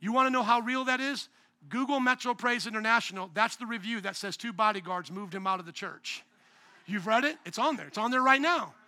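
A man's voice: sits high, brisk, bright, forceful tone, no room sound. A man, a pastor, preaching a sermon in an emphatic, conversational way and often asking the congregation questions.

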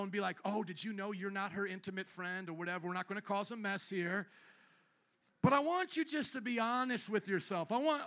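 A male pastor preaching a sermon in church, teasing and joking with the congregation. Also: high voice. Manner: playful, teasing, animated preaching. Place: church sanctuary.

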